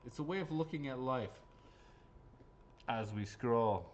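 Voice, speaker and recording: A man hosts raffle draws on a live stream in a loose, chatty way. He cracks jokes and swears freely as he goes, and his voice sits at a middling pitch. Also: moderate pace, highs cut off. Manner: casual, jokey, swears freely. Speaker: raffle host.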